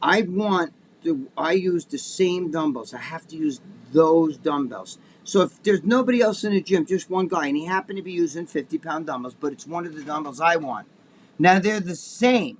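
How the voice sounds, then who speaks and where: A man's voice: fairly high pitch, animated, moderate pace, a little hiss or hum. A middle-aged man co-hosting a casual podcast, telling stories in a rambling, profane way full of restarts. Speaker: co-host.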